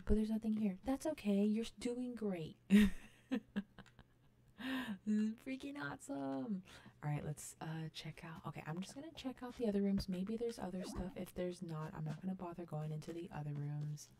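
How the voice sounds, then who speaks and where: A young woman casually commenting as she tours a video game island, gushing and gasping with excitement. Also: sits low. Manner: gushing, excited, lots of gasps and "oh my God". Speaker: gaming vlogger touring a fan-made island.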